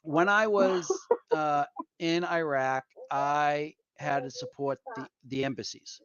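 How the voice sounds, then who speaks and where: A man co-hosting a casual chat, telling animated anecdotes and laughing mid-story. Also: a little high, slow, clean tone, no room sound, muffled recording. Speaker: podcast co-host.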